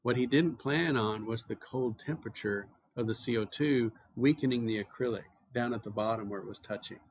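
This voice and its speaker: A man's voice: mid-range voice, brisk, slight background noise. American man giving a chemistry lecture. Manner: relaxed, anecdotal explaining with filler words. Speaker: chemistry professor. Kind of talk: university lecture.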